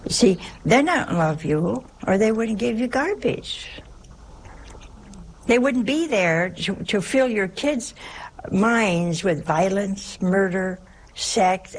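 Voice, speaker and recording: A woman's voice: a little high, slightly rough, rough recording. A woman, a nun, preaching a folksy sermon in a chatty, humorous way, full of rhetorical questions.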